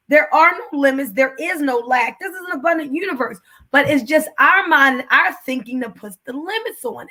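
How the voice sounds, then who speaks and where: Lead female host, high bright voice, emotional storyteller who gets loud when moved. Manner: animated, gets emotional, raises her voice at the peak of the story. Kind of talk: emotional testimony in a casual conversation.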